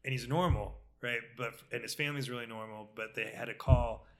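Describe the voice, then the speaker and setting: A man's voice: mid-range voice, steady tone, fairly quick, a bit bright. A man chatting casually on a podcast, telling a rambling story full of fillers, restarts and swearing. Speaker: podcast co-host. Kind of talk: casual chat.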